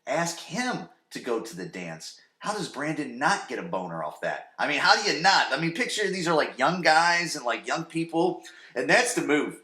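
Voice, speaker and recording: A man's voice: fairly high pitch, sing-song, normal speed, pushed and bright, reverberant. A man in his forties hosting a casual solo podcast from his home basement, crude and rambling, swearing freely and full of fillers. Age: 40s. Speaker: podcast host.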